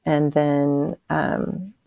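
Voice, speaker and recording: A woman in her sixties giving an emotional personal testimony as a podcast guest, halting often and restarting her sentences. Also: low-pitched, fairly even intonation, creaky, mellow, no echo. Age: 60s. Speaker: interview guest.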